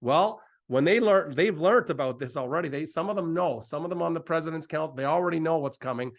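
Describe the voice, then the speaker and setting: A middle-aged man hosts a live event with a slightly high voice. He pushes his pitch with excitable energy and keeps circling back over the same words. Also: fast talker, vocal fry. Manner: excitable, repetitive, hyping himself up. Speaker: host of a sales presentation.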